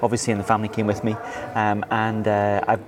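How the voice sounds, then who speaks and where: Quick-talking Northern Irish man. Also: lowish voice, monotone, a crowd in the background. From Northern Ireland. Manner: fluent, earnest, with frequent fillers and restarts. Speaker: pastor and church planting leader. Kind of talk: interview answers.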